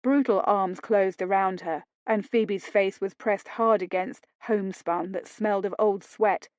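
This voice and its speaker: Slow, deliberate woman audiobook narrator. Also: medium pitch, steady tone, darkish tone, dry recording.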